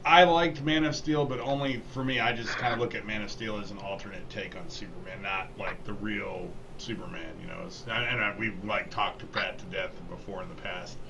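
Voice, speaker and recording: A man's voice: fairly low pitch, fairly even intonation, fairly quick, hardly any pauses. A young man hosting a podcast, chatting casually in an upbeat way. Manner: upbeat, laughs easily. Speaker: podcast host. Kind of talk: casual chat. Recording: dull lo-fi sound with faint noise.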